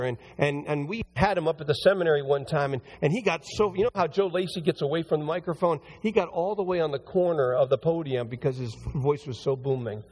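A man preaching a conversational sermon as pastor, his voice a little hoarse and recovering. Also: fairly high pitch, darkish tone. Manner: conversational, rambling with restarts. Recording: long hall reverb.

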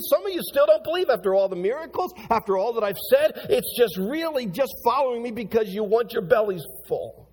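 A man preaching in a church sanctuary with a fairly high, husky voice. He swings from hushed low passages to loud, excited peaks, and a long reverb trails behind every phrase. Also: fairly quick, few pauses. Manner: animated preaching with big swings in pitch and loudness. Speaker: pastor. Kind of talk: sermon.

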